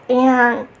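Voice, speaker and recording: A woman's voice: a little high, vocal fry, a little hiss or hum. A woman with a non-native English accent, sitting on her bed and talking to her phone in a reflective self-help monologue, often restarting and laughing at herself. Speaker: spiritual vlogger.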